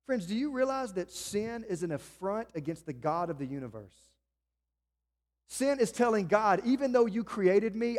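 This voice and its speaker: A man's voice: sits high, animated, fairly quick, darkish tone, big-room sound. A male pastor, preaching an earnest sermon and pressing his listeners with rhetorical questions.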